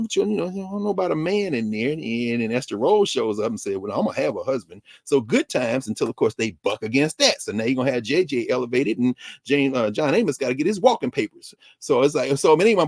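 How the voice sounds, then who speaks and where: A man speaking as a guest scholar on a talk show, telling stories in an animated way, acting out quoted exchanges and scattering "you know" through his speech. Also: mid-range voice, no echo. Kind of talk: animated talk-radio commentary.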